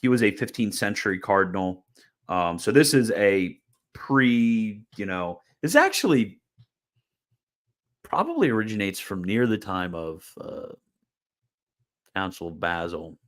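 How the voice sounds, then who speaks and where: A man with a fairly low voice talks through a casual explanatory video lecture. His delivery is chatty and informal. He often doubles back on his words, and a dry, mildly sarcastic streak runs through it. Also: sing-song, unhurried, long pauses, fairly bright tone. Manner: chatty and informal, repeats words and restarts phrases. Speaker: host of a theology video channel.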